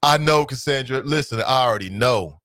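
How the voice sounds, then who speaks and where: A man's voice: mid-range voice, fairly quick, no room sound. A man in his thirties hosting a talk radio show, reading listener comments aloud and reacting with laughter and opinions. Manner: animated, laughing, mocks voices.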